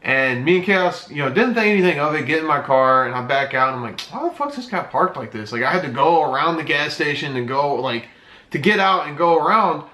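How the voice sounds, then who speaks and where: A man's voice: fairly high pitch, a little fast, sharp tone. A man in his twenties telling a casual, rambling story time with plenty of swearing, recorded in an echoey room. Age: 20s. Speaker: YouTuber and streamer.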